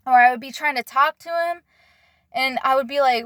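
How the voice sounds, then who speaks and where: Young woman, kinda high voice, earnest and halting, telling her own story, dry close sound. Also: a bit bright, no room sound. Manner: earnest, halting, searching for words. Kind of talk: personal confessional storytelling.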